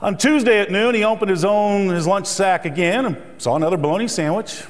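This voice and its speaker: His voice sits high and moves fairly quickly as this middle-aged man gives a funny, motivational keynote full of stories and jokes for a conference audience, recorded in an echoing hall.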